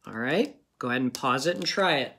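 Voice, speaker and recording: A man's voice: mid-range voice, expressive, brisk, bright, forceful tone. A man teaching a phonics lesson to young children in a patient, encouraging manner.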